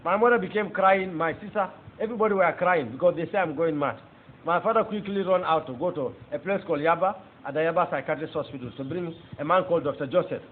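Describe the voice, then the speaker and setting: A man's voice: a little high, quick pace. A man with a Nigerian accent giving a fervent, emphatic testimony sermon as a preacher. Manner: fervent, emphatic, rising into exclamations. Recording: tinny phone-like audio with faint noise.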